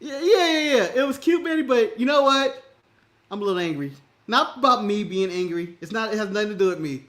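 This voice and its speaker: High, bright-voiced animated American man. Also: fairly quick. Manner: animated, laughs often, swears, acts out quoted voices. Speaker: podcast co-host. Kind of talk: casual wrestling chat.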